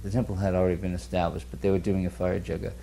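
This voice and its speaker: A man's voice: deep voice, rapid-fire. A man relaxedly telling a short anecdote about his teacher. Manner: relaxed anecdote telling, lively in quoted lines. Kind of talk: spoken anecdote. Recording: faint background hum.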